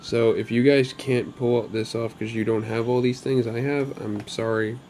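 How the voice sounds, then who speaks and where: A man's voice: mid-range voice, little pitch movement, normal speed, darkish tone, a little hiss or hum. A man hosting his own gaming channel, talking casually over gameplay in a chatty, upbeat way with rambling asides.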